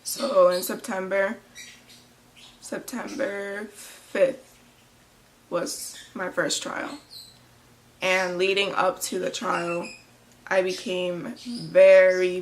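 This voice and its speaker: Woman, 20s, confessional vlog delivery: halting, emotional, close to tears, lots of fillers. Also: on the low side, a little hiss or hum. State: tearful. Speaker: vlogger.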